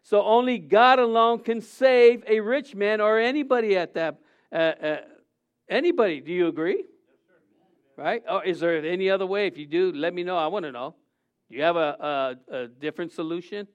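A man preaching an informal sermon, halting often and asking rhetorical questions. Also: high-pitched, clear, resonant tone, muffled recording.

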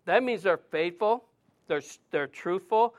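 A man's voice: high-pitched, animated, measured pace. A man preaching a sermon as a pastor, driving his points home with strings of short, repeated phrases.

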